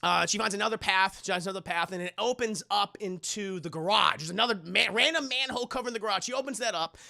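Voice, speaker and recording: Streamer narrator, bright gravelly voice, profane, laughs a lot. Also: medium pitch, fast talker. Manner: profane, animated, laughs often. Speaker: streamer recapping a film. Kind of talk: casual storytelling to chat.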